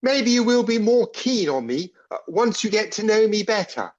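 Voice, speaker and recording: A man's voice: sits high, animated, moderate pace, dull audio. A man playing an eager, naive young recruit in an audio comedy, polite and chirpy with old-fashioned turns of phrase. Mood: cheerful.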